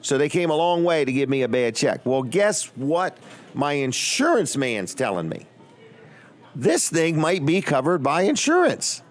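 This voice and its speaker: A man's voice: a little high, very animated, a little slow. A man hosting a local talk show, chatting in a folksy, joking way and often repeating himself. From Delmarva Peninsula, US. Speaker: radio show host. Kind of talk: casual talk show chat.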